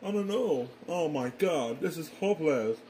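A man voicing an excitable young male character in an amateur fan drama, with fast, panicky exclamations. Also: a little high, a little hiss or hum, close to an everyday voice. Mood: panicked.

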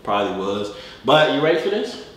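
A man's voice: mid-range voice, very animated, brisk. A young man hosting a casual reaction vlog, bragging and joking in slangy banter. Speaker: host. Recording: very echoey room with faint hiss.

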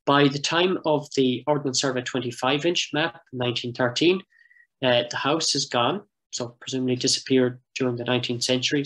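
Man, project coordinator, online heritage presentation, measured, thoughtful, frequent fillers, middle pitch, computer mic. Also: fairly bright tone, poor audio. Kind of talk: online presentation with shared maps.

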